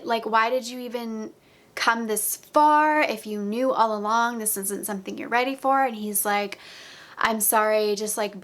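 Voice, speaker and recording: A young woman talks through a reality-show recap in a casual, chatty way, retelling scenes and acting out bits of dialogue. Her voice sits a little high. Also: a bit bright.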